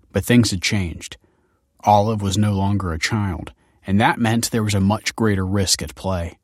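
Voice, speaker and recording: Brief: male audiobook narrator, low pitch, dry close sound, even delivery. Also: dry recording. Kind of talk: scripted narration.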